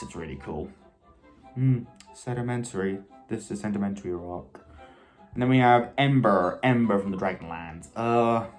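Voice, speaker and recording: A man giving casual, enthusiastic commentary as a video host, rambling with frequent self-corrections and asides. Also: mid-range voice. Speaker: video host ranking cartoon characters.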